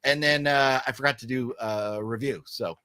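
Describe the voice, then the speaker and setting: A man's voice: mid-range voice, normal speed, bright, forceful tone, no echo, clean studio sound. A man hosting a casual movie chat, opinionated and emphatic, rambling with restarts. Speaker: podcast host.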